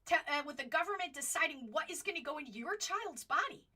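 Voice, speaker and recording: A woman's voice: sits high, lively intonation, quick pace, bright, forceful tone, recorded from a distance. A woman hosting a political commentary show from home, talking casually and passionately, rambling and jumping between points.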